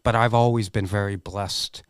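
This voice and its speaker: As a podcast guest, a middle-aged man shares a candid personal story, earnest and emotional, with plenty of free swearing. His fairly low, smooth voice keeps a moderate pace and fairly even intonation, and the clean studio recording has no echo.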